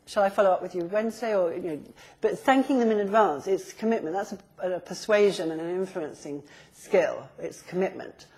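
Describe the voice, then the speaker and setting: A middle-aged woman giving a live business communication talk, acting out little example conversations and laughing often. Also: on the low side. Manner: lively, acts out example dialogues, laughs often.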